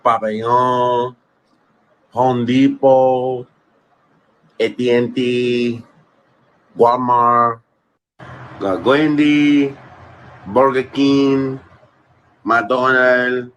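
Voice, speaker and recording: A man playing a character who reads each store name in a thick Spanish accent. He stretches every word out slowly and sounds amused, as if he is about to laugh. His voice sits in a middle pitch. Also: fairly even intonation, fairly bright tone, a little hiss or hum, rough recording. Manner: drawn out, amused, breaking into laughter.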